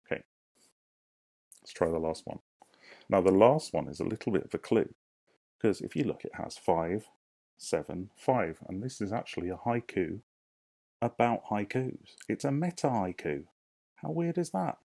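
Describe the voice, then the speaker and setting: A man teaching young children in a recorded online lesson. He speaks slowly, asks questions and counts syllables aloud. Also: fairly low pitch, expressive, creaky, warm tone, dry recording. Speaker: primary school teacher.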